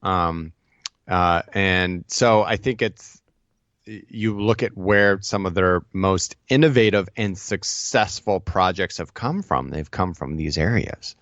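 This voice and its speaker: An ad agency partner appears as a guest on a casual podcast, telling stories with abundant energy and animation. His voice is low-pitched and slow, and the sound is lo-fi with no room sound.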